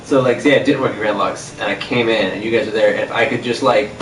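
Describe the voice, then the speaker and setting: Male podcast co-host, quick, hesitant fillers, far from the mic in a roomy space. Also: fairly low pitch, fairly even intonation. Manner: hesitant, filler-heavy musing. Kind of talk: casual chat. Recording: roomy live stream, mic at a distance.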